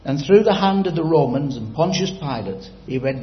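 A man's voice: on the high side, expressive, normal speed, reverberant, highs cut off. A man preaching a sermon, telling a story and quizzing the congregation directly.

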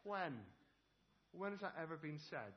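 A man's voice: on the high side, unhurried, muffled recording. A man leading a playful children's talk in a church service, asking the children lots of questions. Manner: lively and playful, addressing children directly with frequent questions. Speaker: preacher giving a children's talk.

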